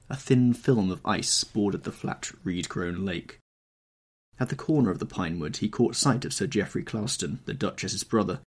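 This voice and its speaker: A man reading a classic novel aloud in measured, literary audiobook narration. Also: lowish voice, husky.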